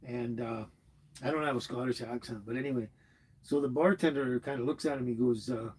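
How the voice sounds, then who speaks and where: A man's voice: medium pitch, steady tone, brisk, breathy edge, poor audio. A man hosting a casual live stream, rambling and chuckling as he answers his chat from inside his motorhome. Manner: rambling, chuckling, warmly chatty. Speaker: livestream host reading chat.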